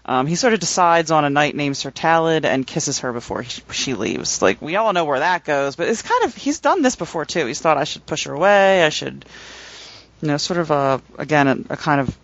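A man's voice: on the high side, sing-song, fairly quick, few pauses, a bit bright. A man co-hosting a podcast, chatting casually about a book and reading from it, rambling with many fillers. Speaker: podcast co-host. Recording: dull lo-fi sound.

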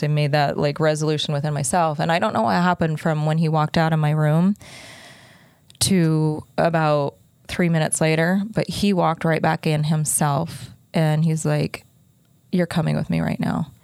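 Woman, low voice, gravelly fry, halting and earnest, many restarts, dry close recording. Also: steady tone, darkish tone, dry recording. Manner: earnest, unguarded, close to tears. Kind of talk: emotional personal storytelling.

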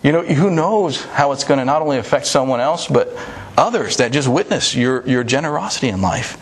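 A man's voice: mid-range voice, animated, moderate pace, breathy edge. A man preaching a sermon, telling a story in an easy, conversational way with many small restarts and fillers. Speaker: pastor.

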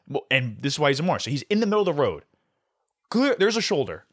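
Young man, podcast host, swears a lot, animated storyteller. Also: a little high, fast, husky. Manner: profane, animated storyteller who swears often. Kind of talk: casual storytelling chat.

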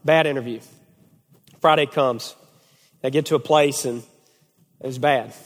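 A young man in his twenties preaching a sermon, telling a personal story with animated, acted-out quotes. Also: measured pace. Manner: animated storyteller, acts out quotes with big pitch swings. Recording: long hall reverb.

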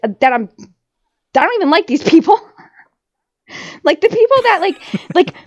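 A woman's voice: extremely high pitch, big pitch swings, moderate pace. A woman co-hosting a podcast in casual chat, ranting heatedly with constant swearing. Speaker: podcast co-host.

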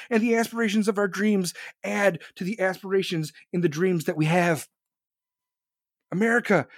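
A man's voice: high-pitched, no echo, clean studio sound, close to an everyday voice. A man putting on a mocking impression of a woman politician giving a lofty, circular speech full of repetitions.

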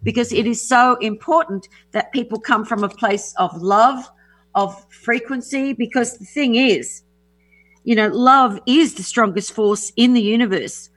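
Woman, enthusiastic radio guest, slightly high voice, rambling restarts, casual chat. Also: unhurried, a bit bright. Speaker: guest, affirmation music artist.

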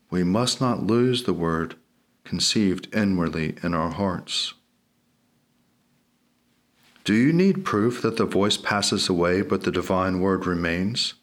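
A man with a somewhat low voice reads a sermon aloud. His delivery is solemn and measured, steady and reverent. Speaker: reader. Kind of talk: solemn liturgical reading.

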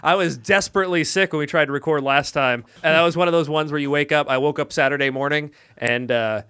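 A man's voice: fairly high pitch, fast, sharp tone, clean tone. A man co-hosting a comedy podcast, telling stories with frequent laughter. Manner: storytelling, laughs often. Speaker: podcast co-host. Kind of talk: casual comedy chat.

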